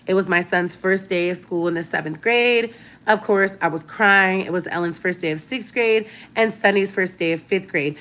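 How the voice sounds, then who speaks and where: A woman's voice: mid-range voice, normal speed, fairly bright tone. A woman in her thirties talking casually to her viewers, telling a personal story with emphatic repetition and frequent "right?" check-ins. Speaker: vlogger.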